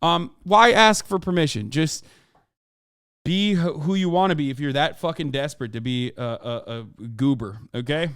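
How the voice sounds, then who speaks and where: A man's voice: a little high, moderate pace, a bit bright, clean tone, no room sound. A man streaming, reacting to a video with profane, sarcastic, heated commentary from home on a close desk mic.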